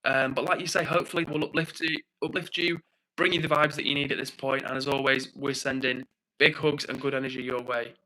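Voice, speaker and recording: A young British man hosting a livestream, chatting casually, reading out viewer comments and thanking people warmly. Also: mid-range voice, little pitch movement, a little fast, rough recording. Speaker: livestream host.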